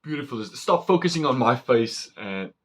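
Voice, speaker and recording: A man chatting casually as he unboxes and reviews a knife, excitable and rambling with fillers. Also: medium pitch, brisk.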